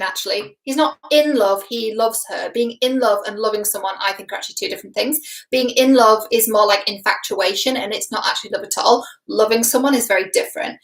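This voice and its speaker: A young adult woman from Britain, a relationship expert giving a casual reaction vlog, chatty and emphatic, laughing often and swearing casually. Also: medium pitch. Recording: roomy echo.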